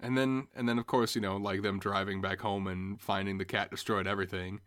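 A man co-hosting a podcast, recapping a movie in a loose, animated way with lots of fillers. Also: lowish voice, brisk. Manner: animated retelling full of fillers and restarts. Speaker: podcast co-host. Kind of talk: casual movie discussion.

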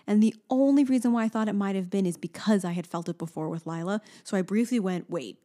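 A woman's voice: medium pitch, fast talker, warm tone. A pregnant woman in her thirties co-hosting a podcast, chatting casually and telling stories animatedly, sometimes voicing her toddler. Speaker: podcast co-host. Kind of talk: casual chat.

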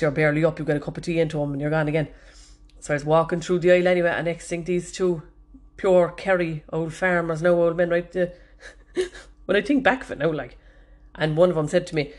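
A podcast host from Cork, Ireland, tells stories in a casual monologue that is chatty, self-mocking and full of swearing. Her voice is fairly low in pitch and a little mellow.

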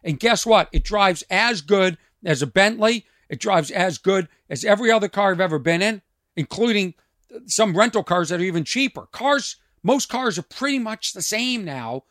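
Man, high voice, ranting podcast monologue, dry close sound. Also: expressive, moderate pace, a bit bright, no echo. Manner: ranting, rhetorical questions. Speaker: podcast host and comedian. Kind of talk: casual monologue. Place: trailer outside his home.

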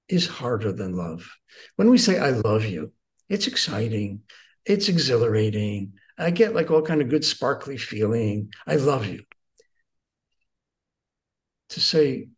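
A man in his sixties, a guest teacher, earnestly telling personal stories in conversation and moving between excited and hushed tones. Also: medium pitch.

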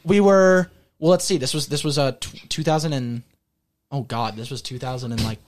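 A man's voice: mid-range voice, moderate pace, a little hiss or hum. A young man hosting a podcast, recounting old memories in casual chat with friends and laughing often. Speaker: podcast host.

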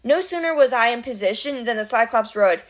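Woman, storybook narration, animated and wry, fairly high voice. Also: a little fast. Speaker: reader of a novel. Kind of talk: storybook narration read aloud.

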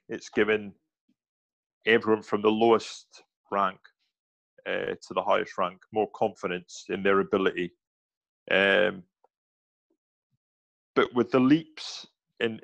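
A man, a former soldier, telling animated anecdotes in a casual interview, slipping into quoted voices and restarting his sentences. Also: lowish voice, creaky, no echo, highs cut off.

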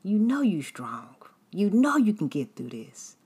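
A woman voicing God as a loving, firm presence who gently scolds and reassures, with sassy affection. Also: mid-range voice, big pitch swings, measured pace, husky, pitched above the performer's own voice. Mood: reassuring.

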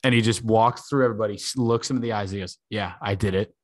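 A young man co-hosting a podcast, telling stories in a profane, joking, animated way. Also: on the low side, fast, no echo. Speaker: podcast co-host. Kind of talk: casual podcast banter.

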